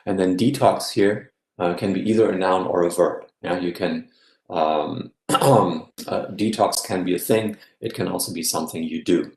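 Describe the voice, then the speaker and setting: Low-voiced man giving a lecture. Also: fairly even intonation, moderate pace, echoey room. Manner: explanatory, checks in with a tag "yeah?". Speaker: guest lecturer. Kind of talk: academic lecture.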